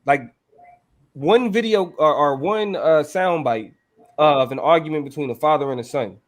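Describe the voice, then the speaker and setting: A man's voice: fairly high pitch, moderate pace. A man co-hosting a casual podcast chat. He speaks emphatically, swears freely, and restarts his sentences often. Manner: emphatic, profane, many restarts. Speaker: podcast co-host.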